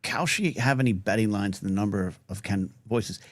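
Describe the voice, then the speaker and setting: A man's voice: lowish voice, a little fast, no room sound, studio quality. A man hosting a live talk show, upbeat, reading chat questions and poll results. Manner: upbeat, frequent back-channel "mm-hmm". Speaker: host.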